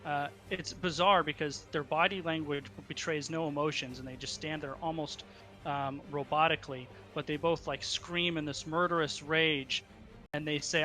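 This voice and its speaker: A man narrating as dungeon master, halting often with ums and uhs. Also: on the high side, steady tone, bright, forceful tone. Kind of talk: narrating a tabletop game.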